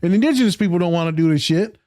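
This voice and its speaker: A man's voice: high-pitched, animated, rapid-fire, a little mellow, no echo, studio quality. Laid-back man, slangy and profane. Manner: casual, profane, slangy storytelling. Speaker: podcast co-host, counselor. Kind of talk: casual podcast chat.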